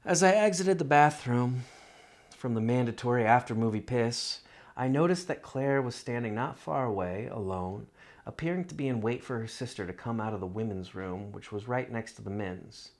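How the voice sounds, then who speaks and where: A man reading his own literary love story aloud in a measured, reflective first-person narration. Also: mid-range voice, animated.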